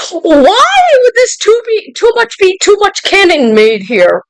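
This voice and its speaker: Profane, excitable young woman gamer. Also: extremely high pitch, slow, long pauses, poor audio. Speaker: game streamer. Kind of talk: reading a story game aloud with casual commentary. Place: indoor room with a fan running. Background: loud music.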